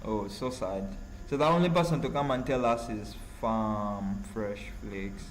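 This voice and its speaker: A man from Uganda with a Ugandan accent, hosting a casual live stream and reading chat messages in a halting, rambling way full of fillers. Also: on the low side, slight background noise, rough recording.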